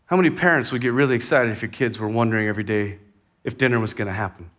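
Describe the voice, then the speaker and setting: A man preaching a sermon as a pastor in a church, talking conversationally, with sudden lifts in energy and quiet, soft drops. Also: medium pitch, very fast.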